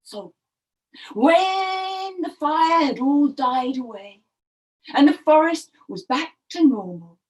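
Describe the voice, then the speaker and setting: Animated, high-voiced woman storyteller. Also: slow pace, muffled recording. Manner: animated, expressive, talks to the children. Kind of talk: children's storytelling, interactive.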